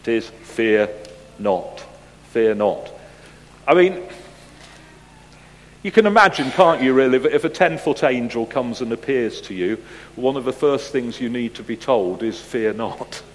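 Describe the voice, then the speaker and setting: A man preaching a sermon, chatting with the congregation through a picture quiz and putting questions to them with gentle humor. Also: mid-range voice, lively intonation, unhurried, long pauses, slight background noise. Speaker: pastor. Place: church. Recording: long church reverb.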